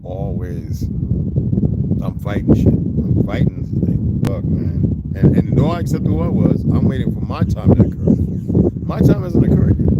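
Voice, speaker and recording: An older man talks in a low voice in a rambling, preachy monologue. He is blunt and profane, and he is recorded outdoors. Loud background noise runs under his words. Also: muffled recording. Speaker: vlogger.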